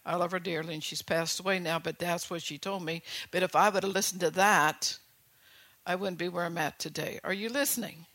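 A preacher delivers a sermon, reading scripture aloud and then explaining it with personal testimony. The voice sits in a middle pitch and is recorded dry, with no room echo. The preacher often pauses to check in with listeners. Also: steady tone, bright, forceful tone. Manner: reads Bible verses aloud, then comments with personal testimony; keeps checking in with listeners with "All right?".

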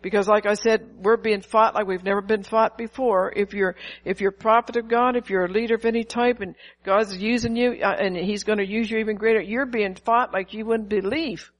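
A woman's voice: medium pitch, fairly quick, hardly any pauses, low-quality recording. Older woman pastor preaching. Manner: lively preaching with rhetorical questions and acted-out quotes. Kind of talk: sermon.

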